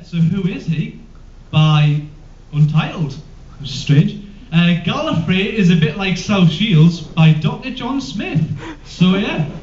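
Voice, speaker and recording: A man's voice: high voice, slight background noise. A man performing live stand-up comedy, rambling and hesitant with many ums. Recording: echoey room, distant mic, dull lo-fi.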